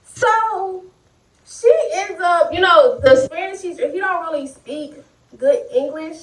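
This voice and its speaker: High-voiced woman in a roomy room. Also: unhurried. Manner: animated, profane, talks to viewers directly. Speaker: vlogger. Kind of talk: casual storytime. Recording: roomy sound, distant mic.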